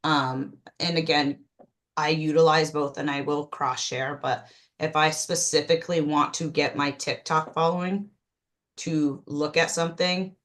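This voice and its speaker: A woman's voice: sits low, a little slow. Upbeat woman coaching on a group call. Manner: energetic, many "um"s and restarts, coaching tone. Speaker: team trainer leading a call. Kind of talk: casual group video call.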